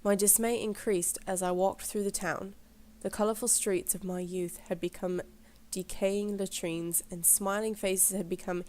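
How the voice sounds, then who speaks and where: A woman reading aloud as a grim young male lord, slow and solemn, in a put-on accent. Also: medium pitch, lightly acted.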